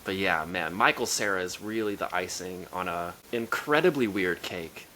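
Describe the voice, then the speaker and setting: Podcast co-host, male, excitable and rambling, light hiss on the track. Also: low-pitched, normal speed, low-quality recording. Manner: enthusiastic, rambling with restarts. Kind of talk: casual film review chat.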